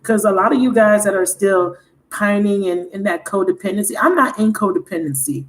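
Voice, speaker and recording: A woman's voice: medium pitch, brisk, low-quality recording. A woman hosting a tarot livestream, talking frankly and animatedly, swearing freely and laughing often. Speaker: tarot reader and channel host. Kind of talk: candid livestream chat.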